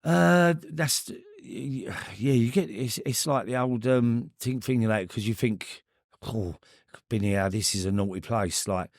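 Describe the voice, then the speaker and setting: A middle-aged man with a Cockney accent tells his stories as a podcast guest, halting and restarting often as he rambles. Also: mid-range voice, no room sound, clean studio sound. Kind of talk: storytelling in casual interview.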